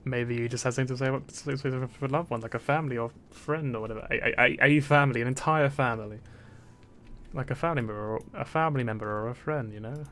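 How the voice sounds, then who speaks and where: A young man from Britain chats on a stream at a middle pitch. He rambles along, stumbling over repeated words and breaking into laughter. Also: fast, a bit bright, slight background noise. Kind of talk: casual chat.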